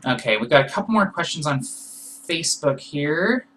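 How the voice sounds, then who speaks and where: A man's voice: fairly high pitch, animated, normal speed, sharp tone, slight background noise, poor audio. A man hosting a live Q&A, answering viewer questions in a loose, thinking-aloud way. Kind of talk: casual live Q&A.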